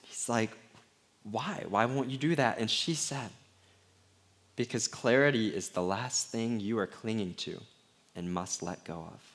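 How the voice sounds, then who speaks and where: A middle-aged man preaching a sermon as pastor, candid and conversational, sometimes dropping to a hushed voice. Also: lowish voice, a little slow.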